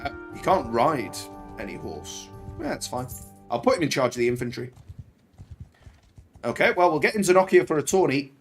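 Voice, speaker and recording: A man talks through his game playthrough in a chatty, bantering way, ribbing the soldiers on screen. His delivery is lively and animated, jumping up and down in pitch. Game music plays behind him. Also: normal speed, long pauses. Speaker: gaming channel host. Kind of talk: let's play commentary.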